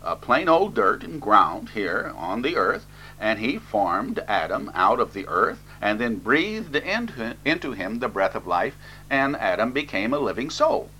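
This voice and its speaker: A man's voice: on the low side, sing-song, a little slow, sharp tone, slight background noise, poor audio. A man preaching an expository sermon, reading scripture aloud and then explaining it plainly, with fillers.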